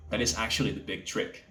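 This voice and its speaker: A young man from Mexico, an English teacher, chatting casually to camera and speaking deliberately from the throat. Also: mid-range voice. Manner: speaks from the throat to sound native-like. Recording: echoey room.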